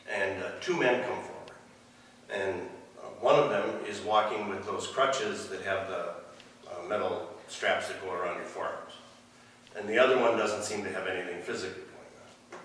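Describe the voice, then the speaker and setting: A man in his fifties, a pastor giving a relaxed, wry storytelling sermon in a church hall, far from the mic. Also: fairly low pitch, a little hiss or hum.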